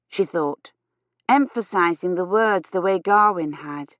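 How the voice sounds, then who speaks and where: A woman narrating an audiobook in a measured, unhurried reading. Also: on the low side, fairly bright tone, dry recording. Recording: slightly dull, dry audio.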